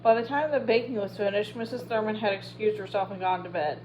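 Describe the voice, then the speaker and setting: A woman narrating an audiobook in a steady, even reading voice. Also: medium pitch, fast talker, a little hiss or hum, rough recording. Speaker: audiobook reader. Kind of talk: storybook narration.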